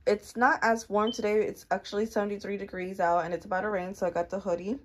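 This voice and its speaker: A woman's voice: medium pitch, little pitch movement, fast. A young woman in her twenties talking through her day in a casual vlog, candid and full of slang and swearing. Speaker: vlogger.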